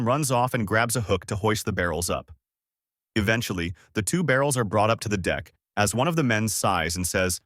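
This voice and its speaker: A man narrating a fan-made story in a steady, scripted storytelling manner. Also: on the low side, a little fast, no echo, studio quality.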